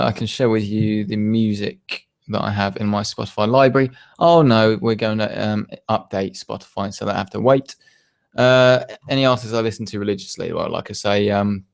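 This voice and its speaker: A young man answers viewer questions on a live stream. His voice sits low with a rough, gravelly fry. He talks loosely, full of fillers, restarts and trailing asides. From United Kingdom. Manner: casual, rambling with many fillers and restarts. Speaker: tech channel host.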